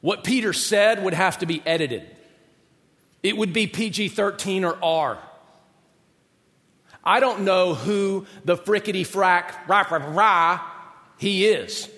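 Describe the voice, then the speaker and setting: A pastor preaching a sermon with an animated, dramatic delivery and joking asides. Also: male voice, high-pitched, unhurried, pauses often. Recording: long hall reverb.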